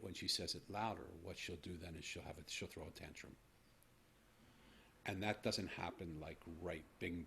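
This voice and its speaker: Deep gravelly man in his sixties. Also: a bit bright, slight background noise. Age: 60s. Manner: earnest, reflective, measured. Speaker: podcast host. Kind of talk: personal storytelling to a guest.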